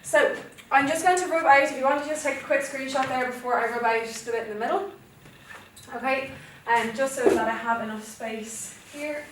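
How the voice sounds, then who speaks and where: Her voice is high and her pace moderate as this young Irish teacher runs a Spanish revision class, breaking things down step by step and frequently asking "okay?". It's captured far off in an echoey classroom, with a little noise in the background.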